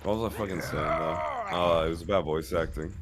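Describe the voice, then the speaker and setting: A young British man with a low voice rambles through relaxed chat, cursing freely as he goes. Faint music plays behind him as he talks into a home desk mic. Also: brisk. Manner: relaxed, swears constantly, rambling. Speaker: voice actor, stream guest. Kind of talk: casual chat on a game stream.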